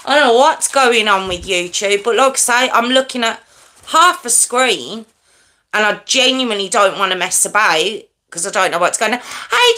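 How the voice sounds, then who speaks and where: A woman hosting a true crime livestream, chatting casually with viewers and greeting them by name, with a slightly wheezy chest. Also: on the high side. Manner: chatty, greets viewers by name, self-described loud and hyped.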